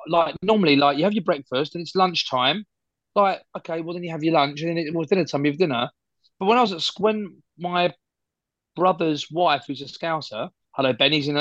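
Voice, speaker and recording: An English man with a fairly high voice co-hosts a podcast, teasing his friend in disbelief. The audio is dry and a bit dull, with a muffled lo-fi quality. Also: fairly bright tone, dry recording. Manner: incredulous teasing. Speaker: podcast co-host. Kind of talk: casual chat.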